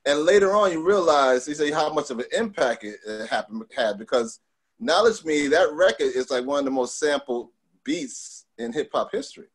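A middle-aged man from Long Island, telling stories in a casual interview, animated, with many fillers and restarts. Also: on the high side, moderate pace, husky. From Long Island, New York. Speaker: guest.

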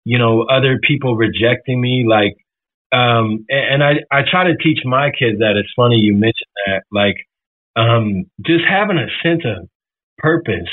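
A man's voice: medium pitch, normal speed. A man from Florida, a musician guest in a radio interview, talking earnestly and reflectively, at times emotional. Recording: tinny phone line.

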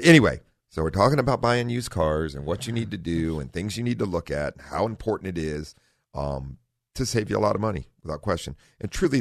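A middle-aged man hosting a car talk radio show in a studio, relaxed and rambling, often correcting himself. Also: low-pitched, no echo. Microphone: studio microphone.

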